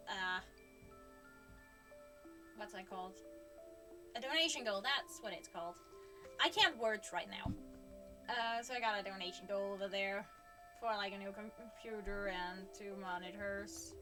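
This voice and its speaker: A woman's voice: a little high, recorded from a distance. A woman streamer chatting casually on a livestream, giggly and flustered, often stopping to restart her sentences.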